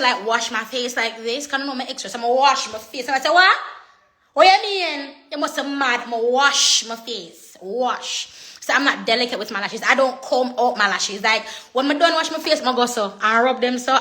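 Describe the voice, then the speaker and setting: A young woman, a social media personality, chats casually on a phone livestream, laughing often and slipping into patois. Her voice sits on the high side and has a sharp tone.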